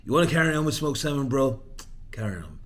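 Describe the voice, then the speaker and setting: A man putting on the voice of his personal trainer, a blunt, firm man who repeats the same order in a low, flat, insistent way. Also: fast talker, breathy edge.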